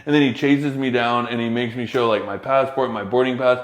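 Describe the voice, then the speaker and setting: Male podcast co-host, lively casual storyteller, average pitch, echoey room sound. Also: fairly quick. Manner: animated, acts out quotes. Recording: roomy echo.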